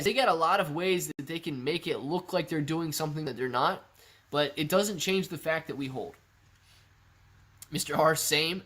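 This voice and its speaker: A man with a fairly high voice hosts a live stream. He talks with lively energy and rattles off shout-outs to viewers in the chat one after another.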